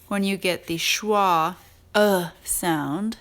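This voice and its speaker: A woman teacher talks slowly and patiently through a spelling lesson. She sounds each word out carefully as she sorts it, pitched a little low. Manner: slow, patient, sounding out words.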